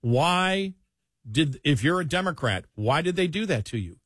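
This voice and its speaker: A man's voice: a little high, animated, normal speed, fairly bright tone, no room sound, studio quality. A man hosting an opinionated political talk radio show, sarcastic and mocking as he riffs on the news. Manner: sarcastic, mocking, mimics opponents.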